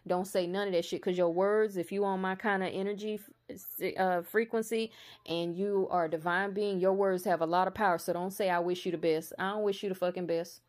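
A woman in a casual spiritual monologue, blunt and profane, speaking slowly and with emphasis, building to a heated intensity. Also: mid-range voice, steady tone, a little mellow. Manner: slow emphatic delivery that builds to raised intensity.

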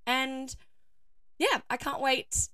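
A young woman hosting a casual solo podcast, her voice croaky and hoarse, chatting with lots of fillers and frequent laughter. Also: sits high, takes it slowly, sharp tone, dry recording, clean studio sound. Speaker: podcast host.

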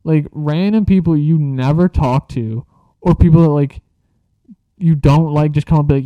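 A man's voice: a little high, normal speed, no echo, muffled recording. A young man telling a casual story, rambling and swearing freely, with lots of filler words. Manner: rambling, profane, filler-heavy.

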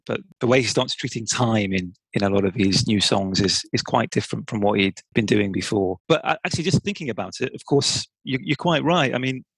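Husky man chatting on a podcast. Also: fairly low pitch, lively intonation, a little fast, hardly any pauses, fairly bright tone, dry recording, rough recording. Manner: chatty, hesitant, lots of fillers and restarts. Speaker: podcast co-host. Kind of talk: casual chat.

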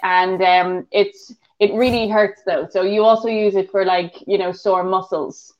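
A woman's voice: mid-range voice, steady tone, a little slow. A woman with an Irish accent, co-hosting a podcast, telling stories in casual chat with lots of giggles. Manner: giggly storyteller. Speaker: podcast co-host. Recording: dull lo-fi sound.

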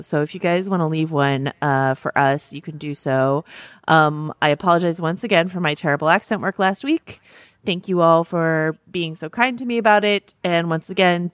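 A woman co-hosting a podcast in casual chat, animated and chatty, laughing often as she reads listener reviews. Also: fairly low pitch, no room sound. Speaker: podcast co-host.

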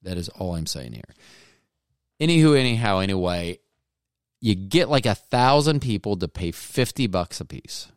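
A man's voice: lowish voice, big pitch swings, moderate pace, smooth, no room sound. A male podcast host talking in a casual, rambling monologue full of self-mocking, jokey asides, close on the mic.

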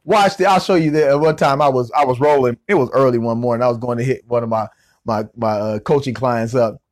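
On his podcast, a middle-aged motivational coach tells a story in a lively, slangy style, throwing in vocal sound effects. His voice is mid-range and he speaks a little fast.

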